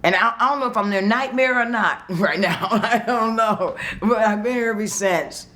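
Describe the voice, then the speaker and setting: A woman's voice: medium pitch, normal speed, a bit bright. A woman tells her own story of turning her life around. She is emphatic and heartfelt, breaks into laughter often, and plays out the things she once said. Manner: vivid storyteller who acts out her own past words. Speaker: employee sharing a success story. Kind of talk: personal testimonial.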